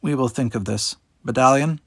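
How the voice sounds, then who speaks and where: A haughty, suspicious alien queen, as a man reads her. She speaks above his usual voice, gravelly and dry. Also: medium pitch, moderate pace, fairly bright tone, dry recording.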